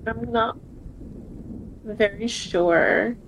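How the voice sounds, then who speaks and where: A woman's voice: fairly high pitch, extremely slow, noisy background. A woman player in a tabletop game, tentative and thinking aloud.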